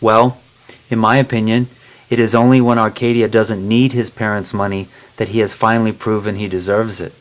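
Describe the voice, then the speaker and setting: A man's voice: on the low side, little pitch movement, natural voice, poor audio. A man reading a firm elderly woman philosopher. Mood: firm lecturing. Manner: measured, lecturing tone.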